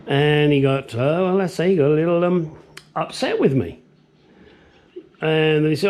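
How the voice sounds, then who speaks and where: A man's voice: on the high side, animated, normal speed, pauses often, a little mellow. Retired-sounding older man, casual workshop vlogger, blunt and chatty, goes off on tangents. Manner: chatty, blunt, rambling asides. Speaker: home mechanic restoring a car. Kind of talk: casual workshop vlog narration.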